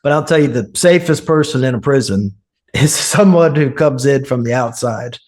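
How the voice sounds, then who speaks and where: A man's voice: mid-range voice, moderate pace, darkish tone. Earnest man telling stories. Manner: earnest, acts out quoted speech. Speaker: podcast guest. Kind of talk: casual storytelling interview.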